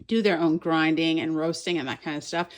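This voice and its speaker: A woman's voice: sits low, steady tone, fairly quick, a little hiss or hum. A young woman from Canada, chatting casually as she shows off her grocery haul and thinks aloud about each item. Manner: chatty, thinking aloud while showing products. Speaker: vlogger.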